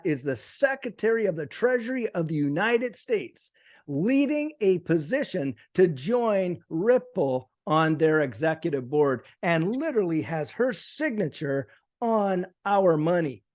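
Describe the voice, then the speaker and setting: A male guest chats casually, pressing his points with eager emphasis. His voice sits a little higher than most men's. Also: very animated, a little slow. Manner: enthusiastic, emphatic. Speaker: guest commentator. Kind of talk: casual chat.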